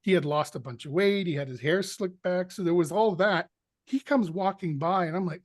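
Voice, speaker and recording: Male actor guest, fairly high-pitched, dry close recording, animated storyteller. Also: moderate pace, dry recording. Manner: animated anecdote teller, acts out quotes. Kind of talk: storytelling in an interview.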